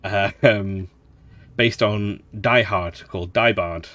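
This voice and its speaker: Low-voiced man chatting over a game. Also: slow, a bit bright, dry recording. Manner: chatty, rambling, laughs often. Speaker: let's play host. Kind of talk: relaxed gameplay commentary.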